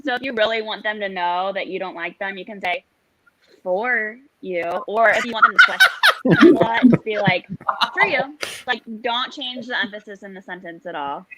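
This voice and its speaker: A woman's voice: medium pitch, sing-song, a little fast, a loud crowd, low-quality recording. A woman from the St. Louis area co-hosting a casual chat over a video call, playful and laughing often. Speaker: co-host.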